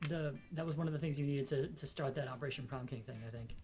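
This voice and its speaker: A woman with a notably low voice hosts a game stream in a relaxed, easy way. She chats with friends and reads the game's text aloud. Faint music plays in the background. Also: fast talker. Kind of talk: casual gaming stream chat and reading game text.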